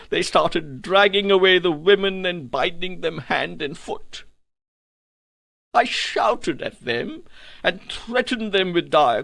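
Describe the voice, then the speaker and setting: A man narrates an audiobook with a solemn, dramatic delivery. His voice sits high for a man and carries a gravelly texture. He reads slowly in a dry, close recording. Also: a bit bright, dry recording. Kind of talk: scripted first-person narration of a spiritual text.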